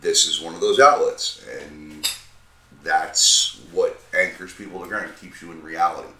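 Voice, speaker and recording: A man's voice: low-pitched, fairly even intonation, measured pace, sharp tone. A man co-hosting a podcast, blunt and profane, philosophizing in casual chat. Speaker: podcast co-host. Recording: roomy with faint noise.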